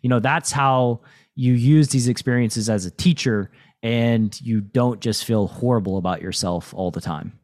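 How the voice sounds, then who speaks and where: A man's voice: medium pitch, normal speed, a little mellow. A man hosting a podcast interview in a reflective, coaching tone, often checking in with "right?". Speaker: podcast host. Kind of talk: casual interview chat.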